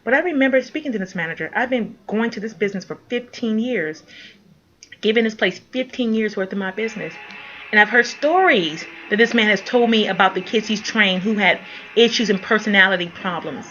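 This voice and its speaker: A woman's voice: fairly high pitch, expressive, moderate pace, bright, forceful tone, faint music behind. Indignant woman pleading in a dull lo-fi recording. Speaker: mother speaking out. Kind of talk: impassioned direct-to-camera appeal.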